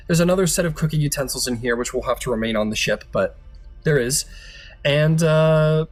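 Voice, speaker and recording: A man's voice: mid-range voice, moderate pace, faint music behind. A man running a tabletop game as game master, narrating in a loose, chatty way with laughs.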